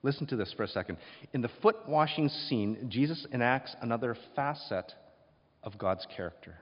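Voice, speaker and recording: A male pastor preaching a sermon, swinging between hushed and loud passages and acting out voices. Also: medium pitch, expressive, normal speed. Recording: dull sound with long hall reverb.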